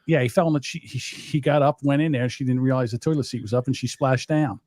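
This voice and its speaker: A man's voice: medium pitch, fast, darkish tone, dry recording. A man hosting a podcast, ranting and mocking with profanity in casual banter. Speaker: podcast host.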